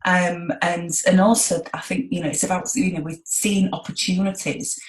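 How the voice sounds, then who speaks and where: A middle-aged woman from England speaks in a relaxed British accent, her voice sitting low. She chats openly and down to earth as a guest, sprinkling in "you know". The room around her has a noticeable echo. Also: normal speed. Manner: chatty, down-to-earth, many "you know" fillers. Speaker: hypnotherapist guest. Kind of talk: interview conversation.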